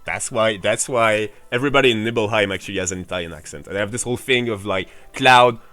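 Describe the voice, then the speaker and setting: A man's voice: lowish voice, fast, pushed and bright, no echo, faint music behind. Chatty swearing male game streamer. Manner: chatty, rambling, swears freely, answers chat. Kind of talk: casual livestream commentary.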